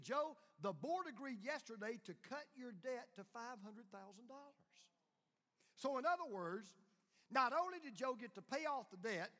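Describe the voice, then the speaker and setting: A man's voice: extremely high pitch, sharp tone. A man, preaching a sermon by telling a long story and acting out the dialogue of its people. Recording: long hall reverb.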